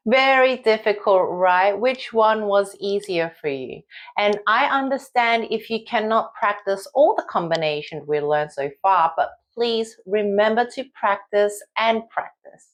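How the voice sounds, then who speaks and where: Slow, careful Korean-accented woman teacher. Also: medium pitch. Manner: reads syllables aloud one by one in careful drill rhythm. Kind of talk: slow, clear beginner lesson with listen-and-repeat drills.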